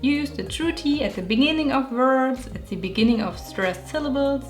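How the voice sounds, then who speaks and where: A woman's voice: high voice, expressive, moderate pace. Young german lady w/ german accent, chatty and joking at herself, bit of music in the back. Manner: playful, self-mocking, laughs often. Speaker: illustrator and vlogger. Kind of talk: talking over a speed painting video.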